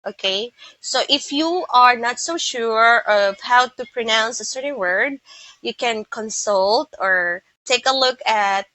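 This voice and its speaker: Filipino woman, English teacher, patient lesson delivery, crisp and lively tone, close dry sound. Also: a little high, slow, no echo, muffled recording. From Philippines. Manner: patient, explanatory, with frequent comprehension checks.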